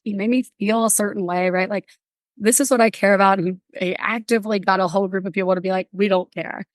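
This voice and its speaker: A woman guest on a podcast, bubbly and animated, telling stories and acting out little voices in casual interview chat. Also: mid-range voice, fast talker, no echo, studio quality. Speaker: podcast guest, workplace wellbeing speaker.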